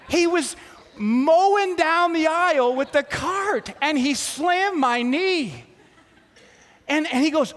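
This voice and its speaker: Animated male pastor preaching in a hall. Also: very high voice, moderate pace. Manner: animated storytelling with acted-out quotes. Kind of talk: sermon.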